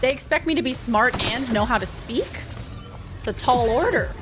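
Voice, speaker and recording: A woman's voice: on the high side, lively intonation, moderate pace, music in the background. A young woman casually chatting with her stream chat while gaming, playful and sarcastic, swearing freely.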